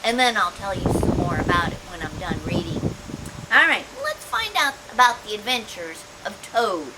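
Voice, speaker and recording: Animated woman reading a picture book aloud. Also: mid-range voice, normal speed, noisy background. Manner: animated and playful, with sound effects and asides to children. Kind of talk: children's story read-aloud.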